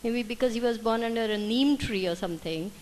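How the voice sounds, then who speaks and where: A woman's voice: on the high side, brisk, rough recording. A woman from the audience politely asking a teacher a question, hesitant with many fillers.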